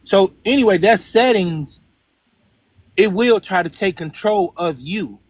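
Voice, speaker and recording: A man with a notably high-pitched voice tells his story as a guest. He speaks earnestly and emphatically and keeps checking in with his listeners. The sound is close and dry. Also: unhurried, dry recording. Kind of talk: casual storytelling.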